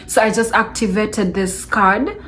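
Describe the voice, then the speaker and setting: A woman vlogger telling a personal story in a casual, animated way, often breaking into laughter. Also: medium pitch, unhurried. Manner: animated, laughs between remarks.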